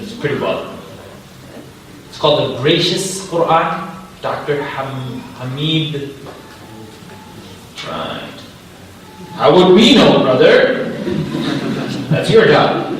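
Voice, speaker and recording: A young man gives an informal, joking talk to students, full of slang and lively storytelling. His voice sits a little high. He is recorded from a distance in a large, heavily echoing hall, with faint room noise behind him. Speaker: Islamic speaker. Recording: echoey hall from far off.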